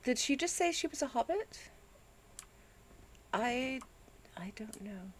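A woman streaming a video game from home, groggy after a headache, chatting calmly with viewers and fussing at her dog. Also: a little high, slow, a little hiss or hum. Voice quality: calm, soothing voice. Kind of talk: casual live-stream gameplay chat.

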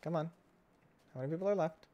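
A man hosting his gaming channel, giving casual let's-play commentary, excitable and swinging between loud outbursts and hushed muttering. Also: on the high side, fast, lo-fi sound.

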